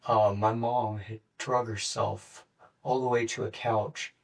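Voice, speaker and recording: A young man in his late teens gives a police interrogation statement in a flat, matter-of-fact way, halting with fillers. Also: lowish voice. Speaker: murder suspect being interrogated. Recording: distant mic in an interrogation room.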